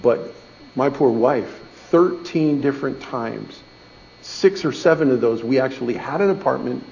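Gravelly middle-aged man telling a church story. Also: mid-range voice, expressive, measured pace, a little mellow, a little hiss or hum. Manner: folksy, conversational, asks "okay?" often. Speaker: speaker giving a testimony in church. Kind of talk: storytelling sermon. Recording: dull lo-fi recording.

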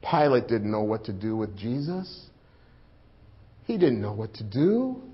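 A man playing a grieving male disciple in a dramatic first-person sermon, swelling loud for the crowd and sinking hushed and low. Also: sing-song, measured pace, breathy edge, full character voice. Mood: urgent. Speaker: preacher in first-person monologue. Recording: muffled lo-fi recording.

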